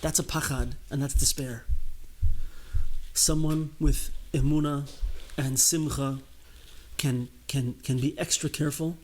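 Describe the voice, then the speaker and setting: A man's voice: fairly high pitch, fairly even intonation, measured pace, a little mellow, poor audio. A man giving a sermon as a rabbi, earnest and emphatic, repeating phrases as he builds his point.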